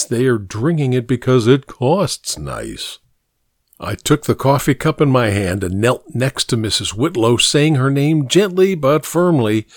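A man's voice: medium pitch, dry recording. A man narrating a first-person story in a dry, wry way.

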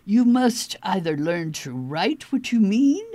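Picture a bossy kangaroo lady who will not take no for an answer, her voice pitched up high and swinging through a lively, emphatic range. She scolds in a soft, breathy voice, with every line pressed home, as a woman puts her on for a storybook. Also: slow, heavily acted. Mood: scolding. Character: bossy insistent female kangaroo.

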